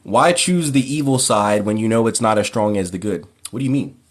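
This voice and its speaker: A man hosting a casual livestream Q&A who reads viewers' questions aloud and answers in a relaxed, plain way. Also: on the low side, brisk. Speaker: occult livestream host.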